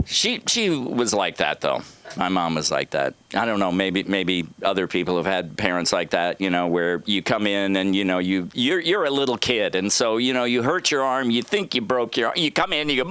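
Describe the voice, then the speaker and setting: A man's voice: medium pitch, animated, moderate pace, a bit bright, clean tone. A man doing open mic stand-up, telling rambling stories with lots of asides and restarts. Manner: rambling, self-interrupting storytelling with asides. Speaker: stand-up comedian. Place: comedy club stage.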